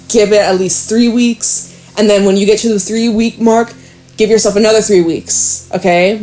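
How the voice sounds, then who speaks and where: A woman's voice: mid-range voice, a little mellow. Chatty woman giving a frank tarot reading. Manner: chatty, frank, swears and laughs often. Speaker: tarot reader. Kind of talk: casual tarot reading to camera.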